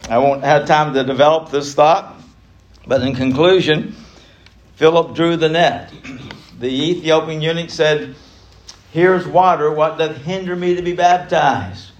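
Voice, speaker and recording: A man's voice: fairly high pitch, measured pace. A man teaching an adult Bible class, emphatic, chuckling between points and repeating key phrases for emphasis.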